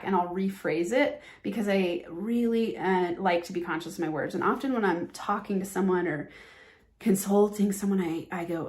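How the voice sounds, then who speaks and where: A woman who is a business coach hosts a motivational podcast, speaking earnestly and with emphasis while acting out phrases she wants listeners to stop using. Her lowish voice is a little mellow and a little fast.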